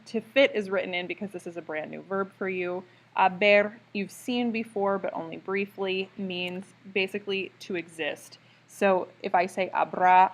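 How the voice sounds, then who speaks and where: A woman teaching a recorded grammar lesson, explaining step by step in a clear, patient way. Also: lowish voice. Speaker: Spanish teacher.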